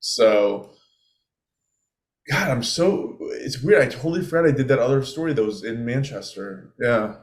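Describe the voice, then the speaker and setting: Male podcast co-host, joking storyteller, average pitch, roomy sound. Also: animated, normal speed. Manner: chatty, joking, trails off and restarts. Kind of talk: casual chat, telling a true-crime story. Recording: roomy echo.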